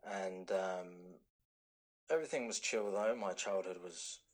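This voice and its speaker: A man's voice: sits low, measured pace, rough recording. A man from London with a British accent, a podcast guest telling his story in an easygoing, hesitant way with many fillers. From London, England. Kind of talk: casual podcast chat.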